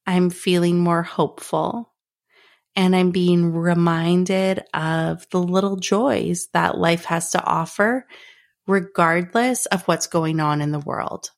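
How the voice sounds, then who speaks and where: A woman's voice: lowish voice, steady tone, slow pace, gravelly. A woman hosting her own podcast, talking in a heartfelt, earnest way with repeated phrases. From Canada. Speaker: podcast host. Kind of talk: personal podcast monologue.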